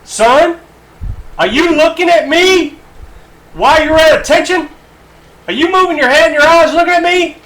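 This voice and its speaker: A man putting on the voice of a menacing army drill sergeant who badgers a recruit in a shout. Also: normal speed, long pauses, low-quality recording. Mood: bellowing. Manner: shouting, badgering, high and strained.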